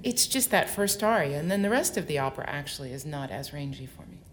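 A woman opera soprano speaking in a strikingly low, deep register for a woman. She talks in an onstage interview in front of an audience, articulate and expressive as she explains her craft at length. A faint hiss sits under her voice. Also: quick pace.

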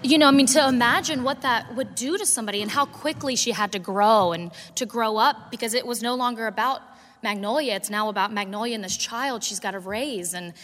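An earnest woman talks about her stage role in a panel interview, correcting herself as she goes. Her voice is slightly high, and a long hall reverb trails each phrase. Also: fairly quick, a bit bright. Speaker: actress in a musical.

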